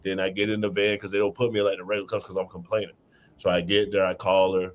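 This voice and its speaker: Low-voiced man telling a story casually. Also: flat delivery, quick pace. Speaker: guest telling his story. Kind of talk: casual chat.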